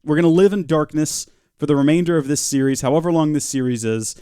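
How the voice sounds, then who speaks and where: A man's voice: on the high side, fast talker, mellow, clean tone, dry recording, studio quality. A young man casually commenting on his game live, chatty and self-mocking as he answers his chat. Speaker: game streamer. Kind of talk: casual live-stream commentary while playing.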